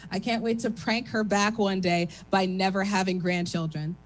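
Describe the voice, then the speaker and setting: A young woman from East Oakland doing a stand-up set, with an even, radio-like speaking voice and lots of "uh" fillers. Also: medium pitch, normal speed, poor audio. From East Oakland, California. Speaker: stand-up comic.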